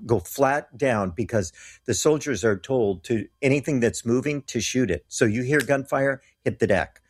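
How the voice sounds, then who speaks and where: At a moderate pace, a man with a mid-range, slightly rough voice speaks as a guest about his mission trips. He relates personal stories earnestly and animatedly, acting out quoted voices.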